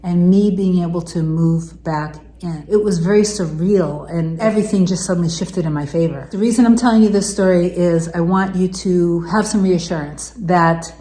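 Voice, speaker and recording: A woman's voice: fairly low pitch, normal speed, hardly any pauses, warm tone, echoey room. A woman coaching viewers in a heartfelt motivational talk, repeating affirmations in an earnest, emotional way. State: tearful, emotional. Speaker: manifestation coach.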